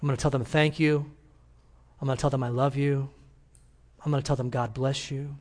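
This senior pastor's mid-range voice is slightly mellow, brisk, and shows little pitch movement as he preaches in church. Through earnest storytelling, he emphatically urges the congregation on.

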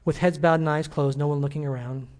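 A pastor closing a church service with a Bible verse and a gentle, earnest prayer to the congregation. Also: male voice, a little high, steady tone, quick pace.

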